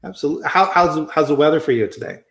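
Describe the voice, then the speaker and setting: A man's voice: on the high side, lively intonation, rapid-fire, creaky, fairly bright tone, echoey room. A man hosting a casual live-stream chat on a video call, friendly and chatty, often restarting his sentences. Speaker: host.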